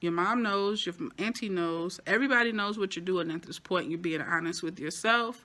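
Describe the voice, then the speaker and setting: A woman talking through a TV episode recap in a casual, lively way, with playful asides and sudden high exclamations. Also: normal speed. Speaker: TV show reviewer.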